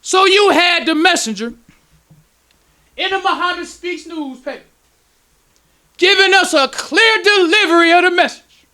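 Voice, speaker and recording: A man, a minister, preaching a lecture at a temple in an excitable, emotional way, breaking into sudden shouts. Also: very high-pitched, measured pace, long pauses.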